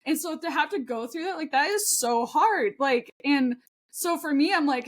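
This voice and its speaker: A woman's voice: high-pitched, lively intonation, normal speed. A woman in her thirties co-hosting a podcast in casual chat, rambling and earnest with lots of fillers. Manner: chatty, rambling, many fillers and restarts; earnest and heartfelt. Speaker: podcast co-host.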